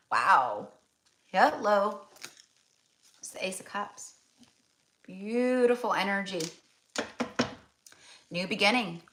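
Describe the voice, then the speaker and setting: A woman's voice: mid-range voice, very animated, very slow, long pauses, slight background noise. A woman hosting a live tarot reading stream, chatty and affectionate, talking with many fillers and checking in with "okay?".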